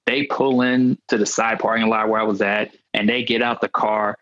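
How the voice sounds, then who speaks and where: A male comedian guest telling comic stories in an animated way, acting out the voices of the people in them. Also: lowish voice, moderate pace, no room sound, muffled recording. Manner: animated, acts out quoted voices. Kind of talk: comic storytelling.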